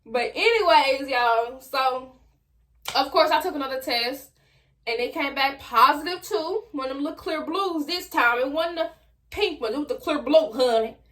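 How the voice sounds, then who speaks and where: A young adult woman telling a personal story straight to her viewers in a casual, slangy, animated way. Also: high voice, normal speed. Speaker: vlogger.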